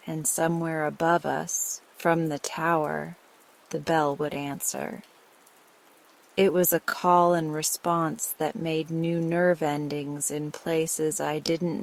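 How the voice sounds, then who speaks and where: A woman narrating a bedtime sleep story in a soft, slow, soothing way. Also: low-pitched, poor audio.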